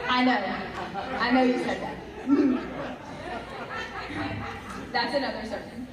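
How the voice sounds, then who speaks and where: Female preacher, storytelling style, slightly high pitch, chatty asides; roomy hall sound, distant mic. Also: very slow, long pauses, muffled recording, a loud crowd. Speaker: guest speaker. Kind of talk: storytelling sermon.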